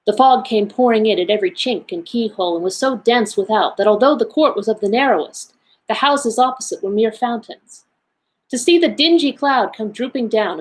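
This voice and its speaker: A woman reads a classic tale aloud at a measured pace, giving the phrases shape and expression. Her voice sits in an ordinary middle pitch. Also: poor audio. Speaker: library associate reading aloud. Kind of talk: storybook read-aloud.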